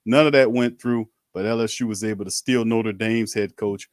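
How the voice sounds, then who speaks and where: A man's voice: lowish voice, steady tone, moderate pace, no echo, clean studio sound. A man hosting a casual sports talk stream, laid-back, slangy and chuckling. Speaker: podcast host.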